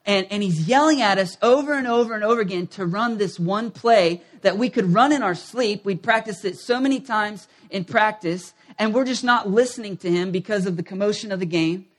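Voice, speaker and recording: A man with a high, bright voice preaches a sermon as pastor. He delivers it animatedly, swinging from quiet asides to near shouts. At times he drifts off the mic. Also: brisk, few pauses. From United States.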